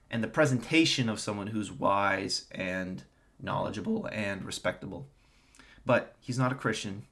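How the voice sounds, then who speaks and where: A man's voice: fairly low pitch, a bit bright. Young man ranting sarcastically. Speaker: online commentator. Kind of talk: opinion monologue to camera.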